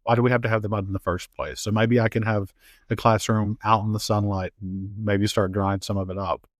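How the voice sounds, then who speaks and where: A man with a warm Appalachian accent talks in a relaxed interview, spinning animated stories and slipping into the voices of people he quotes. He laughs easily between points. The sound is close and dry, with no room around it. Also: on the low side, fairly quick, dry recording. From Appalachian United States. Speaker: author and guest. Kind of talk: casual interview conversation.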